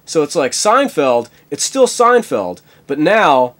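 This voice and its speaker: Rambling comic man with lively pitch. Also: slow pace. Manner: rambling, full of fillers, laughs at own jokes.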